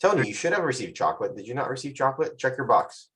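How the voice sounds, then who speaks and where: A man's voice: mid-range voice, very animated, quick pace, a bit bright, low-quality recording. A man hosting a virtual tasting group over a video call, chatting casually with playful jokes and asides.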